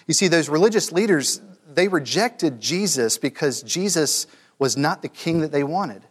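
A man's voice: medium pitch, big-room sound. A man preaching a sermon to a room of men, earnest and building to emphatic peaks, stumbling over repeated words.

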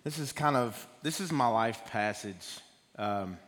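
A man's voice: on the low side, lively intonation, fairly bright tone. Nervous man speaking in a reverberant church. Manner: halting and nervous, many fillers and restarts. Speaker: guest speaker giving a testimony. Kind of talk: personal testimony sermon. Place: church sanctuary. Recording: long hall reverb.

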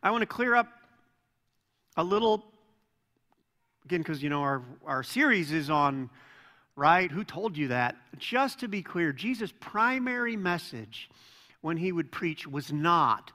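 A man preaching a sermon as pastor, telling stories in a relaxed, joking way. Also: high voice, unhurried. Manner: conversational, self-deprecating storytelling. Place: church sanctuary. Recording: long hall reverb.

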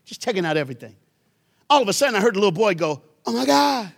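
A man giving a storytelling sermon as a guest youth speaker in a church, animated and conversational, with sudden emphatic bursts. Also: high voice, racing.

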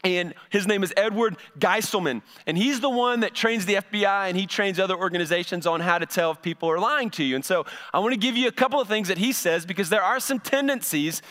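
A middle-aged man preaching a sermon to his congregation in a folksy, animated storytelling way, acting out the voices in his stories. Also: high voice, quick pace, hardly any pauses. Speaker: pastor. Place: church service before a congregation.

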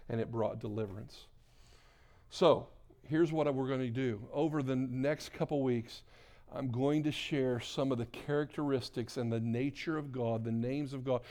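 Male pastor preaching with rising intensity. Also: mid-range voice. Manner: builds to loud emphatic preaching, then soft hushed prayer; repeats words and restarts mid-phrase. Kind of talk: sermon.

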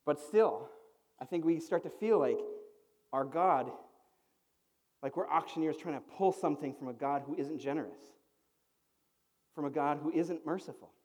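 A pastor with a bright, high-pitched voice preaches in a casual, animated way. His words ring out with a long reverb through the church sanctuary, and he keeps the tone easy and friendly. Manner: animated, conversational preaching with quick auctioneer-style imitations. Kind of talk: sermon.

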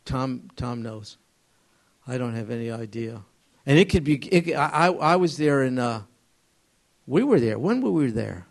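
A man teaching an informal Bible study to a small group, conversational and halting, often asking them questions. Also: mid-range voice, expressive, creaky.

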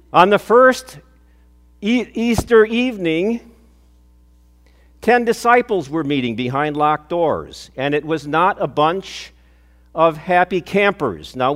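Older pastor preaching in a reverberant church. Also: male voice, fairly high pitch. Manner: earnest storytelling preacher, rising with emphasis and dropping soft on key phrases. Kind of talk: sermon. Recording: long hall reverb.

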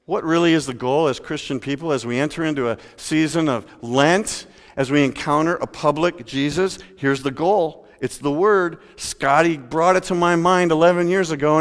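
A male pastor preaching a sermon, talking conversationally and swinging between loud emphasis and quiet asides. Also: a little high, normal speed, few pauses. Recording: long hall reverb.

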